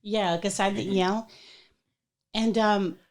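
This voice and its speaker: A woman hosting a podcast, chatting casually and telling a personal story in an animated way, acting out the voices of people in it. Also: mid-range voice, takes it slowly, crowd noise. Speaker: podcast host.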